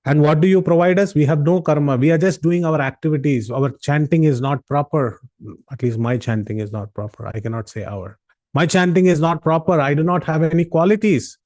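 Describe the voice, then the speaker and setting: A man's voice: a little high, brisk, darkish tone, no echo. A man giving a devotional lecture on an online call, telling stories in an earnest way. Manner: earnest storytelling. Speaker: devotional class speaker.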